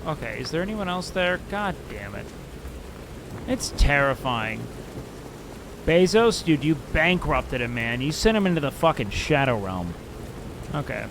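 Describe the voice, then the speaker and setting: Gravelly high-voiced man joking on stream. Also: very animated, a little slow, long pauses, background noise. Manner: joking, sarcastic, swears freely. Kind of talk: casual gaming stream chat.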